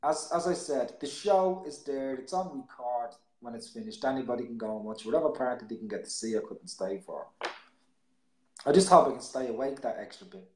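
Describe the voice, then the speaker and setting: A man's voice: mid-range voice, animated, fairly quick, a little mellow. Chatty man hosting a live poetry show in an echoey room. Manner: rambling, repeats words, restarts often. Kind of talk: casual live-stream chat.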